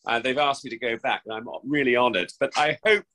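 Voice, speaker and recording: A West Country actor in his sixties, speaking from home during lockdown, chats effusively and theatrically as a guest in a remote interview, restarting often. His mid-range voice is fairly quick, bright and forceful. The recording is rough, with slight background noise.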